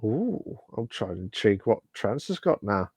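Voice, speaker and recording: A man co-hosting a casual podcast, talking in halting bursts with lots of fillers and restarts. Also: on the low side, big pitch swings, a little mellow, breathy edge, no room sound, clean studio sound. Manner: hesitant, many fillers and restarts. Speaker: podcast co-host.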